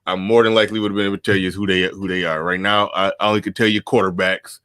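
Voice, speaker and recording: A man's voice: low-pitched, little pitch movement, racing, a bit bright, smooth, dry recording. Laid-back man hosting, dry close sound. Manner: laid-back, reads viewer comments aloud. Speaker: podcast host. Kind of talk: casual chat.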